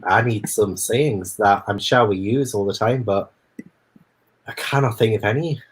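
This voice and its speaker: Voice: mid-range voice, unhurried, breathy edge. A person in a casual group chat, reacting with laughs and short comments.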